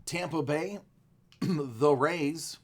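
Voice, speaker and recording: A man hosting a live card break, chatty and joking, his voice a little rough from screaming, clearing his throat often. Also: a little high, extremely slow.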